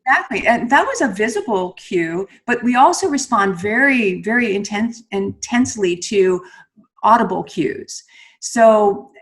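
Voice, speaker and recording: A middle-aged woman, a communication coach, explaining calmly in an interview and ending her statements on a downward tone. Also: medium pitch. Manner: measured, explanatory, ends statements with downward inflections. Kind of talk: conversational interview.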